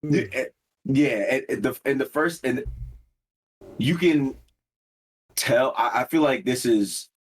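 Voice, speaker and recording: Halting, slangy young man chatting. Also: mid-range voice, breathy edge. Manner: halting, repeats himself, slangy. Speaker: podcast co-host. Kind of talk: casual chat.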